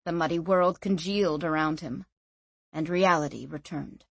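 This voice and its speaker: A woman's voice: low-pitched, normal speed, gravelly, no echo. Woman narrating a fantasy audiobook.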